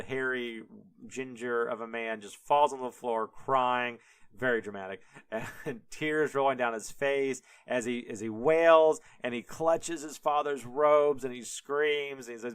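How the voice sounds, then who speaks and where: A young man tells the story as a podcast host, rambling and laughing as he goes. His voice is smooth and resonant, recorded close and dry, at an ordinary pitch for a man. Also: measured pace, fairly bright tone, no echo. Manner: rambling, full of "like", laughs often. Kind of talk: casual comic retelling.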